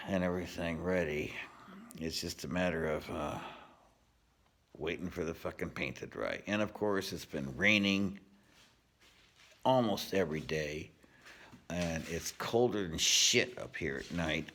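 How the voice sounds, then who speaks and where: Deep-voiced man ranting in his garage. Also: fairly bright tone, a little hiss or hum. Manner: profane, rambling, laid-back storytelling. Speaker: vlogger giving a home project update. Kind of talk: casual rant to camera. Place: unfinished home garage.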